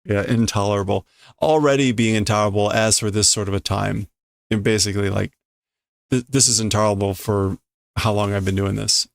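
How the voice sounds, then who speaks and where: A man streaming a casual read-through of a comic, translating line by line in a halting, self-correcting way and chuckling often. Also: fairly low pitch, fairly even intonation, creaky, no room sound, clean studio sound. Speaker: streamer reading manga to learn a language.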